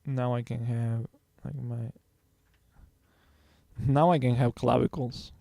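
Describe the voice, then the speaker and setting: A man's voice: medium pitch, fairly even intonation, slow, creaky, warm tone, dry recording. A man streaming his drawing, talking casually to himself and his viewers in a rambling, self-correcting way. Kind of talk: casual thinking-aloud while drawing.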